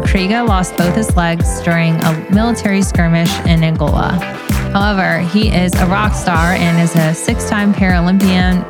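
A woman hosting a podcast, introducing her guest in an upbeat, promotional way. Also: lowish voice. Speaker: podcast host.

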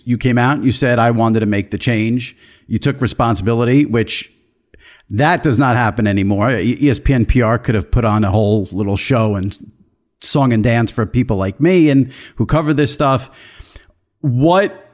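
A man's voice: medium pitch, moderate pace, darkish tone. A man interviewing a guest in a casual way, often restarting his questions as he asks them. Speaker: podcast interviewer.

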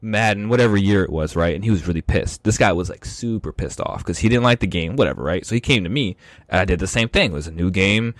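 A man with a lowish voice hosts a relaxed podcast chat. He tells stories and acts out the people in them. The sound is dry and close. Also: fast talker, no echo. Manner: animated, acts out quoted voices. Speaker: podcast host. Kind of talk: casual podcast storytelling.

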